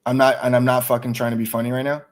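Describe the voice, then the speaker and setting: A man hosting a casual livestream, talking excitedly and cursing freely. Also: mid-range voice, rapid-fire. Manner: excited, profane, hyped up. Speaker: stream host.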